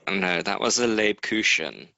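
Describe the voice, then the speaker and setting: A man's voice: deep voice, unhurried, vocal fry, bright, forceful tone, no room sound, dull audio. A man co-hosting a podcast in casual chat, with a dry teasing humor. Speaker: podcast co-host.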